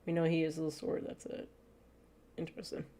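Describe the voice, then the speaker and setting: A woman's voice: low-pitched, monotone, a little fast, dark tone. A woman streamer in casual, rambling chat with her viewers, a little stuffy from allergies and laughing often. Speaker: gaming streamer.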